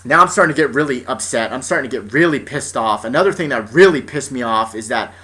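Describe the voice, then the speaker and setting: Bright-voiced young man ranting. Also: mid-range voice, animated, quick pace. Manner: exasperated, profane, restarts often. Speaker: vlogger. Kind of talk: ranting personal story.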